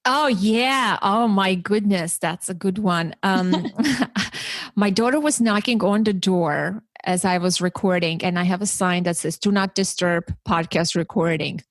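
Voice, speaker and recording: A woman podcast host telling stories in a casual, animated way, acting out the voices she quotes. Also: a little slow, no echo. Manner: animated, acts out quoted voices with big pitch jumps. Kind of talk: casual conversational storytelling.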